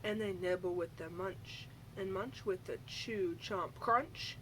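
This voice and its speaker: A woman teacher reading a rhyming picture book aloud in an expressive, rhythmic way. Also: lowish voice, slow pace, few pauses, slight background noise, low-quality recording.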